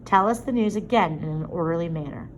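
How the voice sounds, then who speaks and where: A woman's voice: lowish voice, brisk, slight background noise, close to an everyday voice. A woman reading a story aloud, voicing a stern older father who holds his temper in check. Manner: stern, clipped.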